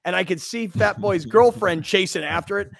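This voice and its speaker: A man hosting a sports talk radio show, telling a story in an animated, excitable way. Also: high-pitched, normal speed, gravelly, no room sound, studio quality.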